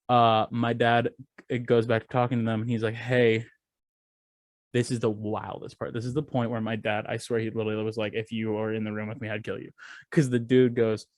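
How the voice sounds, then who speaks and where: A man's voice: mid-range voice, no echo, studio quality. A young man, a podcast co-host, telling a story in casual chat, swearing and acting out what people said.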